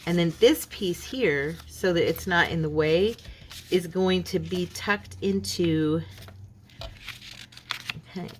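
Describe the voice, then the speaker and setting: A woman with a fairly low voice walks viewers through a paper craft project in a relaxed, chatty way. She keeps checking in with "okay" as she folds and shows each piece, with a faint hiss behind her. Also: slow pace, long pauses. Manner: chatty, many "okay"s, talks while folding and showing paper. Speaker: craft video host. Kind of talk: casual craft tutorial.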